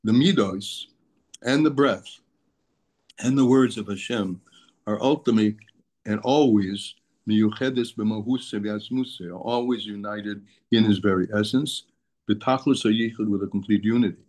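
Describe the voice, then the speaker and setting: A Torah teacher gives a daily text lesson in a fairly low, slightly mellow voice at an unhurried pace. He explains patiently, repeating and restating his terms, and mixes Hebrew terms he quotes into his English.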